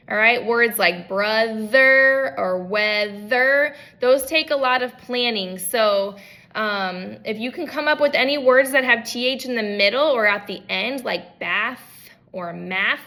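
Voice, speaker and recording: A speech language pathologist in young adulthood teaches an at-home practice lesson, modeling words for children with slow, clear delivery. Her voice is slightly high, pushed and bright.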